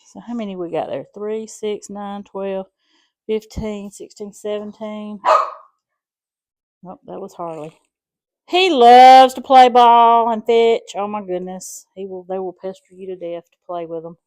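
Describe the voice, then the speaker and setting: A woman's voice: mid-range voice, steady tone, moderate pace, dark tone. A middle-aged woman with a South Alabama accent, chatting through a home cooking demonstration in a folksy, rambling way. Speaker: home cooking channel host.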